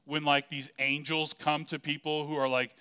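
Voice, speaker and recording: Smooth-voiced joking young-sounding preacher man. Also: on the high side, flat delivery, moderate pace, sharp tone. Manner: casual and joking, many "like" fillers. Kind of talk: conversational sermon.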